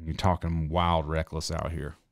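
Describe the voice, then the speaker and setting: Profane, rambling man with a smooth voice. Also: rumbling low, unhurried, no room sound, clean studio sound. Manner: profane, rambling, animated storyteller. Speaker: podcast host. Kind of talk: casual storytelling chat.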